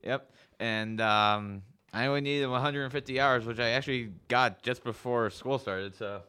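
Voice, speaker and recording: A man's voice: medium pitch, normal speed, sharp tone, clear, resonant tone. A young man co-hosting a casual college radio show, laid-back, answering in short easygoing replies. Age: young adult.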